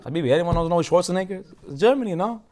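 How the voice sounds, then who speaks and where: A rabbi who grew up speaking Hebrew gives a casual, joking Torah talk, telling the story as a lively storyteller who laughs often. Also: male voice, sits high, racing.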